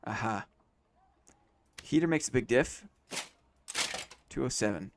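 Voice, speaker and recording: A man's voice: mid-range voice, expressive, slow pace, background noise. A man chatting casually on a late-night game live stream, thinking aloud and repeating phrases to himself.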